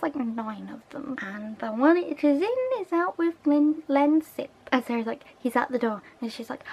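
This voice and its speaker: A woman's voice: a little high, gravelly, poor audio. A young woman, casually recapping a TV episode with chatty asides. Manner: chatty, recounts scenes with quoted lines and asides. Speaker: TV episode reviewer.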